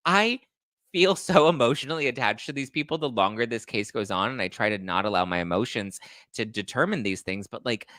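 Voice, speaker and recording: A man's voice: medium pitch, pushed and bright, no room sound. A man hosting a casual commentary show, reading legal documents and viewer chat aloud and reacting with heated, indignant, swearing rants. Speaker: host.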